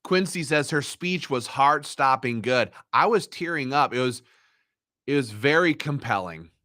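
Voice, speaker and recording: A man's voice: medium pitch, lively intonation, measured pace, pushed and bright, no room sound, clean studio sound. A man giving live reaction commentary, heated and indignant as he rants. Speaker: livestream commentator.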